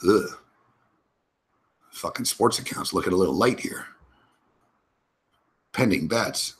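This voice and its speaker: A man's voice: low-pitched, slow. A man hosting a sports betting show, talking to himself with profanity and rambling agitation as he places live bets. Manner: talks to himself while placing bets.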